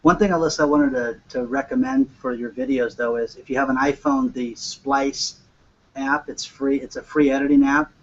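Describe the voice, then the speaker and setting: A man's voice: mid-range voice, fairly even intonation, moderate pace. A man in a group discussion gives friendly, enthusiastic tips. The recording sounds dull and lo-fi. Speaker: group member.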